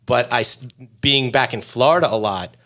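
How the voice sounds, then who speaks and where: A middle-aged man from New York, hosting a podcast in casual chat and telling stories with quick impressions. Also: medium pitch. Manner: animated storyteller, does quick impressions. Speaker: podcast host.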